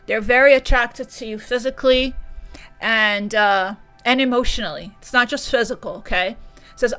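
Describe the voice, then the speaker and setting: Woman doing a tarot reading, super emotional, keeps repeating stuff, bright voice. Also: fairly high pitch, moderate pace, clear, resonant tone, faint music behind. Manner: gushing, emotional, repeats words. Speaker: tarot reader.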